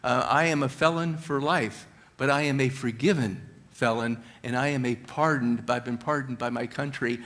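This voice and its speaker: A middle-aged man giving a motivational talk at a church, telling stories with high energy. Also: normal speed, a bit bright. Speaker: guest speaker.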